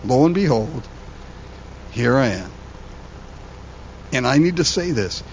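A man who is a pastor, preaching a sermon in an animated, conversational way, often repeating words as he goes. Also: medium pitch, slow, creaky, highs cut off, a little hiss or hum.

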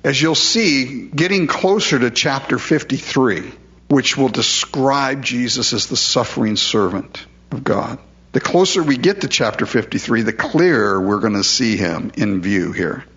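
A man's voice: mid-range voice, expressive, unhurried, a bit bright, muffled recording. A man preaching a verse-by-verse sermon in a conversational way, often asking rhetorical questions. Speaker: pastor. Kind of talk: expository sermon.

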